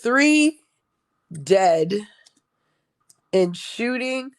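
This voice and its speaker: A woman's voice: fairly high pitch, big pitch swings, very slow. A young woman hosting her own show, reading news headlines aloud and reacting with blunt, sarcastic remarks and frequent laughs. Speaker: show host.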